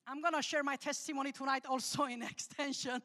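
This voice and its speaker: High bright woman preaching. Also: a little fast. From Armenia. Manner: humorous, animated, calls out to the congregation. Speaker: guest speaker. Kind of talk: sermon with testimony. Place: church. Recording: long church hall reverb.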